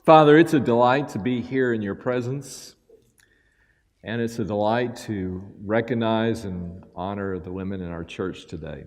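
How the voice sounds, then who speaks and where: A man, the church's pastor, leading an opening prayer in an earnest, relaxed way, his voice trailing off softly at the ends of phrases. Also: on the low side, normal speed. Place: church sanctuary. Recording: long church hall reverb.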